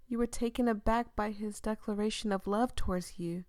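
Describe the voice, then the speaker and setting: A young woman streamer who reads a visual novel aloud, moving between hushed narration and dramatic outbursts. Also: medium pitch, normal speed, hardly any pauses, dry recording, clean studio sound. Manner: expressive, dramatic, shifts between hushed reading and loud reactions. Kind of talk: reading a game aloud with reactions.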